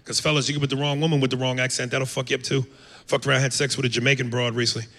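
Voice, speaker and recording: A man's voice: medium pitch, little pitch movement, very fast, bright, forceful tone. A man doing a brash, profane stand-up set in a comedy club, acting out voices. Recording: live club mic with echo and noise.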